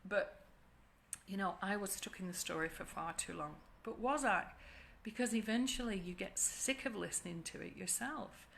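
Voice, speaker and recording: A woman therapist giving a soft, reflective spiritual talk, speaking slowly and gently. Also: mid-range voice, gravelly, slight background noise.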